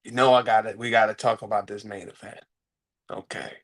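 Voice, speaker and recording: A man's voice: lowish voice, fairly even intonation, fairly quick, a bit bright. A man co-hosting a wrestling review podcast, hyped and playful, repeating phrases for emphasis. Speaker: podcast co-host. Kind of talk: casual wrestling review chat.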